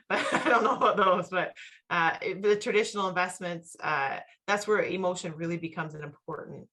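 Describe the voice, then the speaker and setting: Woman host, animated conversational delivery, lowish pitch, bright edge. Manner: animated, acts out quoted voices. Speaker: talk-show host. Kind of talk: casual talk-show chat.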